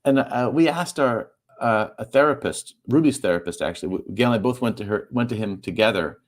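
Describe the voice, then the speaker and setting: A man, the guest author in an interview, talking in a halting way, repeating words and laughing softly as he speaks. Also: mid-range voice, expressive. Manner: halting, repeats words, stumbles through fillers; laughs softly mid-sentence while talking. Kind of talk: emotional conversational interview.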